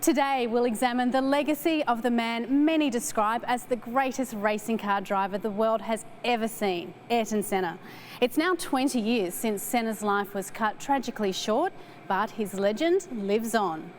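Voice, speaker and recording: A woman hosting a motorsport magazine show, reading scripted links and asking interview questions in a poised, even delivery. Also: on the high side, normal speed, slight background noise. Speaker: show host.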